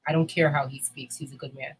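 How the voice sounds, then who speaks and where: A woman's voice: extremely low pitch, little pitch movement, quick pace, slightly rough, low-quality recording. A woman in candid casual chat, talking bluntly and emphatically with frequent swearing. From United States.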